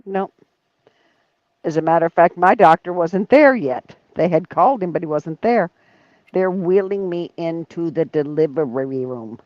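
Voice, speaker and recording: A woman hosting a casual chat, telling stories in an animated way and laughing often. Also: on the low side, unhurried, no room sound, dull audio. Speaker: leatherwork channel host.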